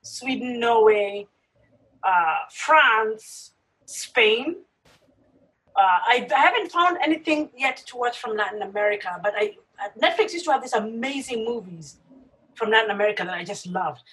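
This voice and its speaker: Woman, high voice, very animated pitch, emphatic casual chat, a bit distant from the mic. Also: normal speed. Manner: animated, emphatic, acts out reactions.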